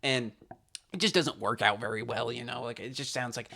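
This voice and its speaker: A man's voice: medium pitch, fairly quick, gravelly, sharp tone. A young man talking casually and hesitantly about his impressions, rambling with lots of fillers. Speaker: amateur impressionist. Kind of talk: casual vlog monologue.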